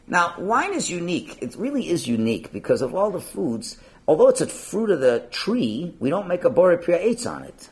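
Man teaching torah, lively up and down voice, casual and chatty, lots of questions. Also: a little high, fairly quick. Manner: animated, conversational, rhetorical questions. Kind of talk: informal lesson.

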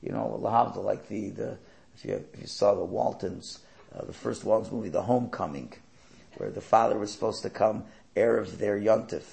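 A man's voice: lowish voice, normal speed, gravelly, a little mellow. A man teaching a Torah class, telling stories and asking rhetorical questions that he answers himself. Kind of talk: lecture with storytelling.

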